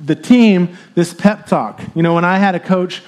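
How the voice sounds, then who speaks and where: Slightly high-voiced man preaching casually. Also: normal speed, darkish tone. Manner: conversational, explains scripture in everyday terms; light chuckles and filler sounds. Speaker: pastor. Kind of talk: sermon.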